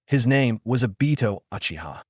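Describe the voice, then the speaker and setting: A man's voice: medium pitch, expressive, moderate pace, dry recording, studio quality, close to an everyday voice. A man voicing a jaded adult ninja teacher who growls and broods, in a storybook reading. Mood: solemn.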